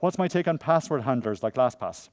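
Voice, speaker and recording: A man giving a conference talk and taking audience questions, jokey and animated, often telling funny stories and acting out the voices of the people in them. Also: medium pitch, brisk, dry recording. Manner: animated, acts out quoted voices. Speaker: conference speaker. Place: conference room before an audience.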